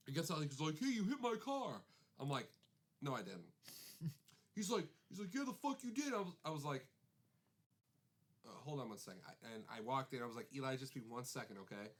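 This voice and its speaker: A man's voice: mid-range voice, moderate pace, long pauses. A man co-hosting a podcast, telling a story in casual chat, swearing freely and acting out the quotes. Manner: animated, swearing anecdotes, acts out quotes. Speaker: podcast co-host.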